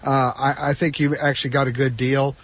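A man's voice: mid-range voice, fairly quick. Male radio host giving tech advice. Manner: relaxed, explaining step by step. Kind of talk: call-in advice.

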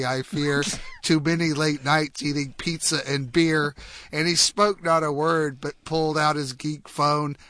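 Bright-voiced man hosting a radio show. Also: a little high, a little hiss or hum. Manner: steady rhyming read-aloud delivery. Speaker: radio call-in show host. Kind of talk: reading a comic holiday poem aloud. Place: radio studio.

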